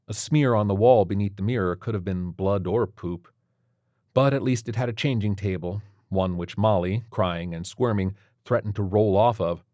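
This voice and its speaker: A man narrating an audiobook in a steady, even storytelling manner. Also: on the low side, dry recording, clean studio sound.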